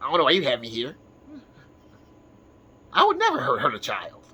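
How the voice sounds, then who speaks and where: A man's voice: mid-range voice, huge pitch swings, normal speed, bright, forceful tone, slightly rough, heavily acted. A man putting on the voice of an unhinged, menacing male clown villain, mocking and full of giggling asides.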